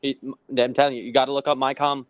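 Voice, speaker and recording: A man's voice: mid-range voice, flat delivery, fast talker. Blunt, profane man. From Australia. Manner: blunt, profane, says mate constantly. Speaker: caller.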